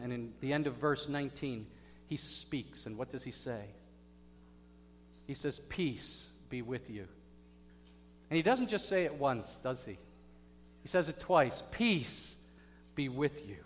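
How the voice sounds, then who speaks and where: A man preaching a sermon as pastor, telling stories dramatically and swinging from hushed words to loud bursts. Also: mid-range voice. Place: church sanctuary. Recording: echoey hall with faint hum.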